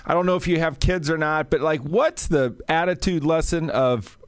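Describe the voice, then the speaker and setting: A man hosting a podcast with an easygoing, enthusiastic manner. He speaks in a fairly high voice with a few fillers and restarts, and the recording is dry and close. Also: normal speed, no room sound. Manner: casual and enthusiastic, with frequent fillers. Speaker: podcast host. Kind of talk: interview podcast.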